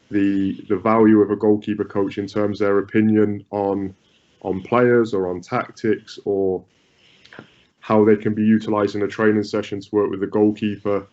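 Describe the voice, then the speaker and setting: A man's voice: fairly low pitch, darkish tone. A man being interviewed as a goalkeeping coach, talking through his ideas with frequent repeats and restarts. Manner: repeats words, many restarts. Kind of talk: conversational interview answers. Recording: muffled lo-fi audio.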